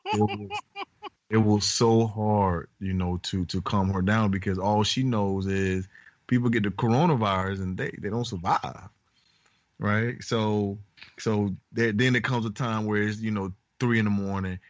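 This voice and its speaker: Low-voiced man telling a story. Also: measured pace, no room sound. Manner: storytelling, animated, laughs a lot. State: recovering from covid. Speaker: podcast co-host. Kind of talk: casual chat. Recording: dull lo-fi podcast audio.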